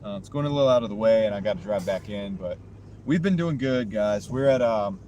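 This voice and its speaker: A man's voice: on the low side, lively intonation, a little fast, dark tone, a little hiss or hum. A man chatting casually with his live-stream viewers while he drives for a delivery app, wearing a clip-on mic in his car. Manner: chatty, talks to viewers' chat while driving. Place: inside a car on the road. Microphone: wireless clip-on mic.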